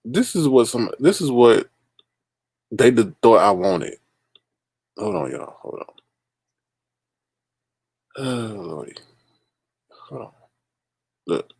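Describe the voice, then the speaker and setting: Gravelly, animated man hosting a livestream. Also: mid-range voice, takes it slowly, pauses often, no echo. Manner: exasperated, laughing, talks to chat as "y'all". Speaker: livestream host. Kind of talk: casual livestream chat.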